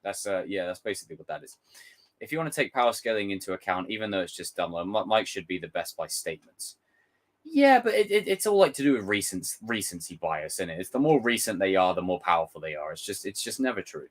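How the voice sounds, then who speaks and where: A man's voice: deep voice, very animated, fast. A young man giving casual, rambling live commentary, joking and swearing freely. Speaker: streamer reacting to a trailer.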